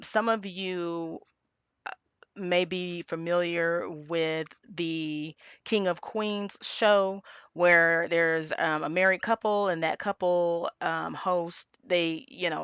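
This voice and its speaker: A woman's voice: on the low side, fairly bright tone, smooth, dry recording. A woman giving a casual tarot reading, talking chattily and with emphasis, sometimes acting out quoted lines. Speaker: tarot reader.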